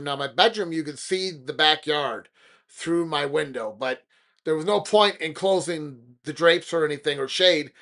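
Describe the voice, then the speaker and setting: A man hosting a podcast, telling a personal ghost story in an animated, dramatic way. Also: a little high. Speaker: podcast host. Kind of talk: casual storytelling.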